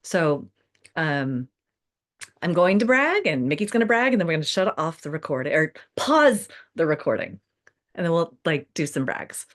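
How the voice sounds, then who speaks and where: A woman's voice: deep voice, big pitch swings, normal speed. A middle-aged woman hosting a casual podcast conversation, chatty and laughing often, full of fillers. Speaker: podcast host.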